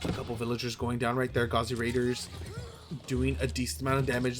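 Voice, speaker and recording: Man casting a strategy game, hoarse, over music. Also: mid-range voice, monotone. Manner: opinionated, quick, trails off and corrects himself. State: losing his voice. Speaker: game caster. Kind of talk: play-by-play strategy game commentary.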